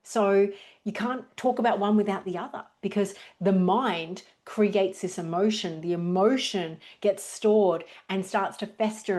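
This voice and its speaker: A woman hosting a podcast, chatting casually and warmly agreeing with her guest as she explains her own ideas. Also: medium pitch. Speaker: podcast host.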